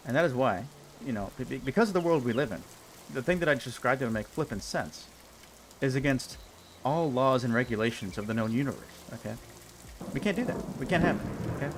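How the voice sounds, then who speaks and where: A man's voice: medium pitch, fairly bright tone, a little hiss or hum. A young man streaming a block game, ranting in exasperation and repeating himself as he plays. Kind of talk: casual game commentary.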